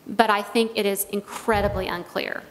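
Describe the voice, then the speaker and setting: A woman's voice: mid-range voice, flat delivery, a little hiss or hum. A woman testifying at a legislative hearing, laying out her points carefully and with hedges. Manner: careful, measured, hedging. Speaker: witness giving testimony. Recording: long reverb of a hearing room.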